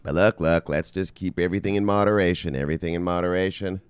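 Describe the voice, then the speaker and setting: Crisp-voiced, profane crypto vlog host. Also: male voice, low voice, steady tone, fast talker, dry recording. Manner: loose, profane, says "bang" as a catchphrase. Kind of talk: casual vlog talk. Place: home studio in South Beach.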